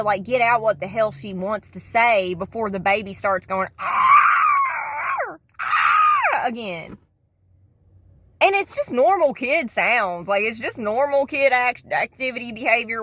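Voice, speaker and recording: A woman's voice: a little high, noisy background. A woman vlogger rambling casually to camera, slangy and profane, calling the viewer "dude".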